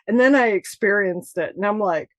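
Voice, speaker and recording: Woman from Michigan, author guest, animated storyteller with frequent laughs; dry, close podcast sound. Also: medium pitch, moderate pace, no room sound. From Michigan, USA. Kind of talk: casual interview chat.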